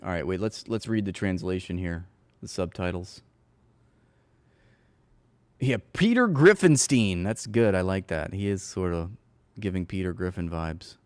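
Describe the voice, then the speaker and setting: A man hosting his own commentary show, speaking in a sarcastic, mocking tone. His voice sits on the low side and sounds dry and close, with no room around it. He laughs now and then at his own jokes. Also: lively intonation, measured pace, clean tone, no room sound. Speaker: political commentary host. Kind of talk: casual commentary.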